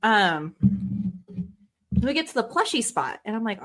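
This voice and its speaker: A woman's voice: mid-range voice, expressive, moderate pace, long pauses, a bit bright. A young adult woman hosting a podcast, telling a story in casual chat and acting out her kids' voices. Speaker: podcast host.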